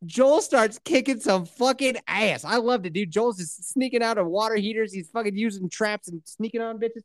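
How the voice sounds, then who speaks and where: A man's voice: high-pitched, moderate pace, no room sound, clean studio sound. A man hosting a podcast, casually recapping a TV episode with lots of swearing. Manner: animated, swearing storyteller. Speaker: podcast host.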